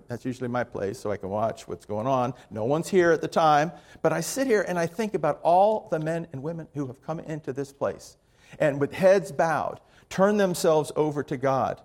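A man, a pastor, preaching a sermon in a church sanctuary with slow, emphatic phrasing that softens at the ends of lines. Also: on the high side. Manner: slow, emphatic delivery with soft trailing phrases.

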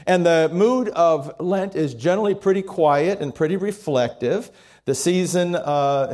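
A male pastor preaching in a relaxed, conversational way. His voice sits high for a man, and he restarts words as he gathers his thoughts. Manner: conversational, repeats words while thinking. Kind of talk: sermon.

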